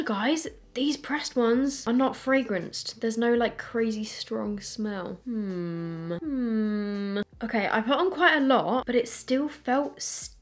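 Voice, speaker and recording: A young woman with a slightly high voice talks through a makeup review at home. She chats casually and candidly, sprinkling in plenty of "like". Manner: chatty, candid, filler-heavy with "like". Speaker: beauty vlogger.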